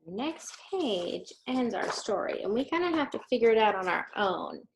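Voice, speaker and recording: A woman with a fairly high voice reads a children's story aloud at a church service. She breaks off now and then to talk informally with her listeners. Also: very animated, moderate pace, vocal fry. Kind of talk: reading a children's book aloud.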